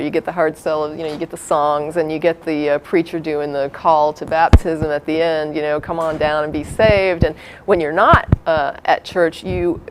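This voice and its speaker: A woman's voice: low-pitched, a little hiss or hum. A woman co-hosting a live call-in TV show in a studio, explaining her views in an earnest, reflective way. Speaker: co-host. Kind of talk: casual commentary.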